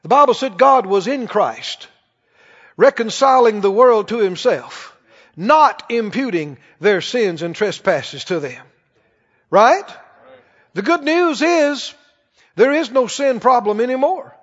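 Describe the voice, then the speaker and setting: A man with a notably high voice preaches to his congregation, asking them questions as he goes. The sound is muffled and lo-fi, with a long reverb trailing off through a large church hall. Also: animated, slow. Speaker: pastor. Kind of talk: sermon. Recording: dull reverberant church recording.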